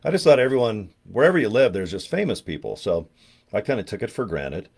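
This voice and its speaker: A man's voice: fairly low pitch, brisk, gravelly. A man in his fifties from California, telling rambling, joking stories in a casual monologue. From California, USA. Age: 50s. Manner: animated storyteller, chatty and jokey. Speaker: online marketer.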